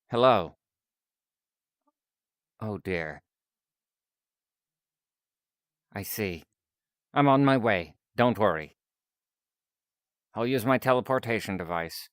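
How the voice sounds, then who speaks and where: A man voicing a courteous, composed male scientist doctor on a live stream, speaking in a low, quiet, measured way, polite even when threatening. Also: clean tone, no room sound, studio quality. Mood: calm, businesslike. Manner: polite but firmly threatening. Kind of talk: live-stream character voice acting.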